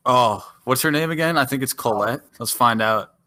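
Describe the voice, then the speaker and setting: A man's voice: mid-range voice, sharp tone. A man co-hosting a podcast in casual chat, joking, teasing and swearing freely. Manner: joking, profane, quick to tease. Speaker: podcast co-host.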